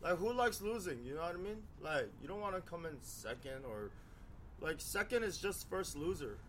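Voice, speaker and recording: A man's voice: a little high, very animated, normal speed, fairly bright tone, slight background noise. A man in casual podcast chat, blunt and profane, mocking himself as a sore loser. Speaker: podcast co-host.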